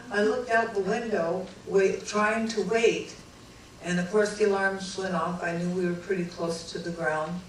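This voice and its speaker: A woman's voice: medium pitch, normal speed. A woman recounts a dramatic story to an audience, bringing each exchange to life as she tells it. Her voice rings through a very echoey hall, picked up from a distance over a faint hum of ambience. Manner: animated, acts out dialogue with lively voices. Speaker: speaker recounting a near-death experience.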